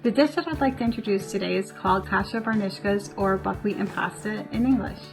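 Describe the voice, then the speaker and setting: A woman's voice: mid-range voice, a little fast, music in the background, low-quality recording. A woman from the United States sharing a family recipe in a friendly, scripted recorded message. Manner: clear, friendly, reads from a script. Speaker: guest contributor sharing a recipe.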